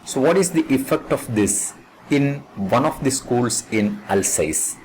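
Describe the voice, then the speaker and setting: A male teacher with an Indian English accent talks slowly and deliberately, his pitch rising and falling a lot as he explains. He keeps going back over words and dates so students follow along. A faint hum of room noise sits underneath. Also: animated, a little mellow, low-quality recording. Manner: slow, repetitive explanation, restating words several times. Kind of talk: classroom lesson explaining a text.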